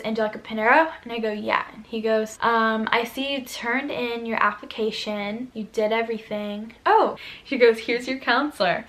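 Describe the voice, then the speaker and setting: A young woman talks straight to her viewers in a chatty, emotional storytime vlog, with a slightly high voice. She keeps saying "like", laughs often and cries a little while she tells it. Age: young adult. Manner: tearful, laughing, breathless with excitement; chatty, many fillers like "like". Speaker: vlogger.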